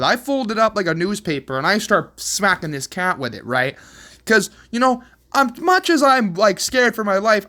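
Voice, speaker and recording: A man's voice: high-pitched, sharp tone. A young man telling a rambling story in a casual monologue, swearing often and filling with "like" and "right?". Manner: rambling, profane, lots of "like" and "right?".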